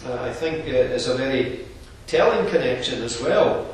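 A man preaching a sermon in a measured, earnest expository manner. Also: medium pitch, expressive, slight background noise. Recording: very echoey, distant room recording.

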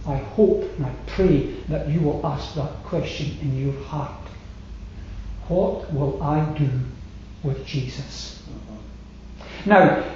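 A man preaching a sermon, slow and emphatic, letting his phrases fall away to a hush. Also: a little high, slight background noise. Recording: very echoey hall, slightly dull sound.

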